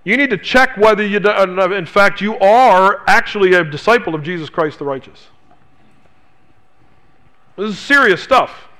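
A male pastor preaching a sermon, emphatic, asking his listeners rhetorical questions and dropping to a hushed voice on key phrases. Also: high-pitched, normal speed, long pauses.

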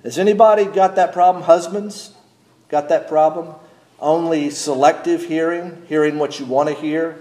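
A middle-aged man preaching a sermon as pastor, speaking deliberately and asking his congregation questions. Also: a little high, steady tone, warm tone, echoey room.

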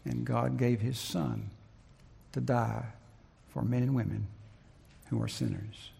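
A man preaching a sermon in an emphatic, deliberate way, repeating his key phrases, with a gravelly, husky voice. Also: medium pitch, steady tone, warm tone. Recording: long reverb of a large hall.

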